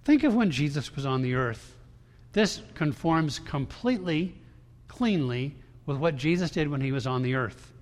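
A man's voice: a little high, lively intonation, normal speed. A man preaching a sermon to his congregation in a conversational style, with frequent restarts and emphatic quoted lines. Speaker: pastor. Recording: long hall reverb.

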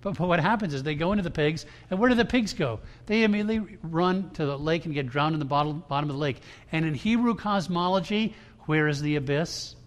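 A man preaching a sermon to his congregation in a conversational style, with frequent restarts and emphatic quoted lines. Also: fairly high pitch. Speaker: pastor. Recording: long hall reverb.

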